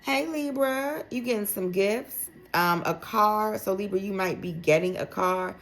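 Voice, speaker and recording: A woman's voice: medium pitch, measured pace, a bit bright, a little hiss or hum. A woman giving a casual, chatty tarot reading for zodiac signs, speaking straight to each sign with plenty of slang and "like" fillers. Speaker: tarot reader.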